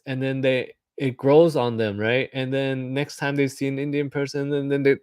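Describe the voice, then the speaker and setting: A man's voice: mid-range voice, moderate pace, few pauses, smooth, no room sound. Man rambling casually on a dry mic. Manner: meandering, acts out hypothetical voices, with filler words. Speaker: vlogger.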